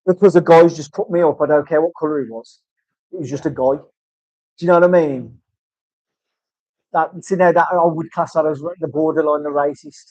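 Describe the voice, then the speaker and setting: A man's voice: fairly high pitch, steady tone, a little fast, pauses often, mellow, dry recording. A man in casual chat, rambling and swearing through banter in a tattoo studio. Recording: dull, dry lo-fi sound.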